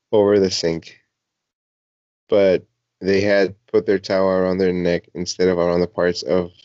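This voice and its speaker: A man's voice: sits low, darkish tone, no echo, highs cut off. A young man co-hosting a casual podcast, teasing and incredulous as he talks with friends. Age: young adult. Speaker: podcast co-host.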